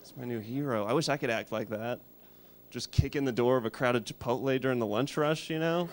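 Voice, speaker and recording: A man in his thirties performs a stand-up comedy set in a small studio, dropping dark jokes with a deadpan delivery. His voice sits at an ordinary middle pitch, with a faint hiss in the background. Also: fairly quick. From Colorado. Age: 30s. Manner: deadpan, absurd one-liners.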